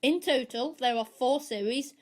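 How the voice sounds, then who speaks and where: A woman co-hosting a film podcast, reading her prepared reviews and recommendations in a steady, measured way. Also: high-pitched. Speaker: podcast co-host.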